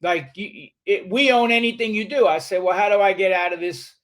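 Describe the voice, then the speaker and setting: On a podcast, a man in his 60s from New York tells a story during a casual interview, talking a little fast. He has a high voice for a man and a lively, streetwise delivery, cursing freely and performing what others said.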